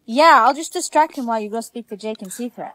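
A woman's voice: fairly high pitch, quick pace, bright, forceful tone. A text-to-speech woman's voice playing a friend and a mother in skits, matter-of-fact and teasing.

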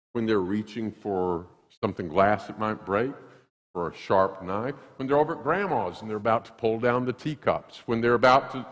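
A male pastor preaching a sermon in a church, emphatic and animated, acting out little scenes. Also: medium pitch, in a large hall. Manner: animated, acts out quotes, emphatic repetition. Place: church sanctuary.

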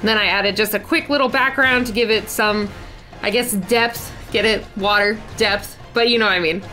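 Bright, bubbly young woman artist. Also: fairly high pitch, rough recording. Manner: chatty, bubbly, lots of filler "like". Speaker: artist and channel host. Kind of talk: casual voice-over recap of a drawing.

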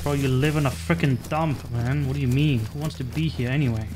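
A man giving casual, excitable commentary while playing a survival game, swearing and cutting himself off mid-word. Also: mid-range voice, brisk, background noise. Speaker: gaming streamer.

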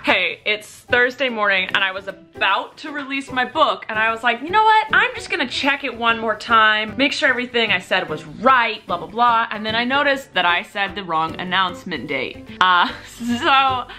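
Young woman, casual vlog chat, bright tense voice, a little high, talking to a camera held at arm's length. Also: normal speed, hardly any pauses, faint music behind. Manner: excitable and chatty, swings into high squeals when stressed. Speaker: vlogger. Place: at home, indoors.

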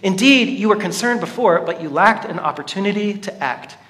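A man's voice: sits high, expressive, brisk, fairly bright tone. A man preaching a sermon to a congregation in a playful, joking manner. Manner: playful, jokey, talks to the congregation. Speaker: pastor. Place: church hall. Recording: reverberant hall.

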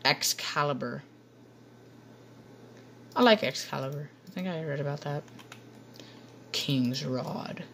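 A woman's voice: deep voice, measured pace, long pauses, background noise. A woman giving playful, rambling commentary over gameplay to her viewers on a computer microphone. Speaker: gaming channel host.

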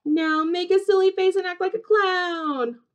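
A woman kindergarten teacher reading an interactive movement book aloud to young children, animated and encouraging in a sing-song voice. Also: very high voice, unhurried, dull audio.

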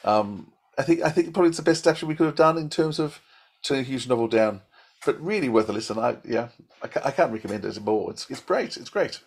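An older man as a podcast guest, reviewing in a rambling, halting way full of restarts. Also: mid-range voice. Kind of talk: casual review chat.

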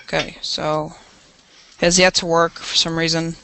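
A man's voice: fairly high pitch, flat delivery, a little slow, vocal fry, pushed and bright, slight background noise. A man live-streaming a game, chatting casually, giggly and rambling with lots of fillers.

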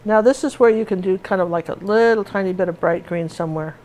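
A woman's voice: mid-range voice, fast, darkish tone. Middle-aged woman, art teacher, loose and chatty, drifts into stories mid-lesson. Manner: chatty and rambling, with many fillers and restarts. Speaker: painting teacher. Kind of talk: casual tutorial chat while painting.

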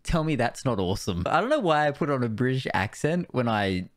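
Excited Australian streamer guy. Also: medium pitch, fairly quick. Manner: excited, casual, swears freely. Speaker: Twitch streamer. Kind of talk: casual gear review vlog. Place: home streaming room. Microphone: studio dynamic mic.

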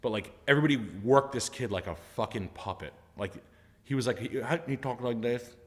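A man telling a story in a casual, animated and rambling way, with lots of fillers and swearing. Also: medium pitch, fairly quick. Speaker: storyteller recounting his car sales job. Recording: roomy reverb.

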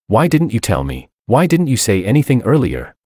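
A man's voice: medium pitch, huge pitch swings, normal speed, dark tone, no echo, clean studio sound, pitched above the performer's own voice. A man reading the lines of a loyal, protective younger brother who speaks urgently and with care, in a story narration. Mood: worried. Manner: urgent, caring.

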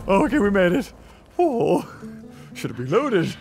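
A young man hosting let's-play commentary, excitable and full of exclamations. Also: sits high, brisk. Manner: excitable, frequent exclamations and laughs. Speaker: gaming channel host. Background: game music.

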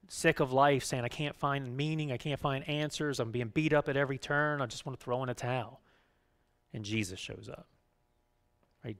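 Man preaching with frequent "right?" asides. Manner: swings between raised emphatic lines and low quiet ones. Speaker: pastor. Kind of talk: sermon.

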